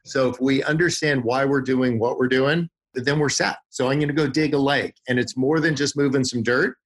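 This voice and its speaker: A man with a husky, slightly rough voice speaks as a podcast guest. He talks in a folksy storytelling way and leans on vivid images. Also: mid-range voice, steady tone, moderate pace. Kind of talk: podcast interview.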